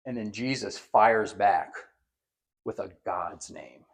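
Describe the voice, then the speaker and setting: A man preaching a sermon as pastor, animated, acting out quotes with a raised voice and often repeating words. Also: lowish voice, takes it slowly.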